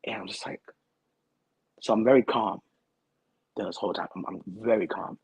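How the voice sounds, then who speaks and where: A man's voice: lowish voice, normal speed, vocal fry, a little mellow, breathy edge, no echo, low-quality recording. A man who is a guest on a talk show, telling a personal story in a rambling, earnest way and repeating his phrases.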